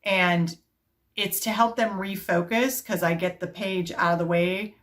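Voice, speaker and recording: A middle-aged woman, an elementary music teacher, explaining her classroom routine step by step and chanting rhythm syllables to a steady beat. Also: medium pitch, unhurried. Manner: explains step by step in a calm, practical way. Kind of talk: teaching video demonstration.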